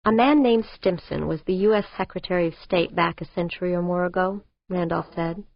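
A woman narrator voicing a composed male corporation head with a measured, wry manner. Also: on the low side, gravelly, no echo. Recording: dull lo-fi audiobook recording.

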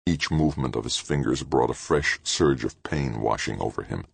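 A man narrating an audiobook in a steady, measured reading. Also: rumbling low, creaky, breathy edge, dry recording. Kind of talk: scripted narration.

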